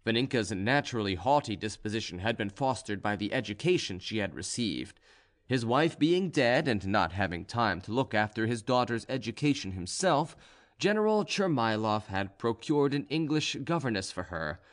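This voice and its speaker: A man reading a classic novel aloud as an audiobook narrator, in a measured, even storytelling manner. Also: on the low side. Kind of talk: scripted narration.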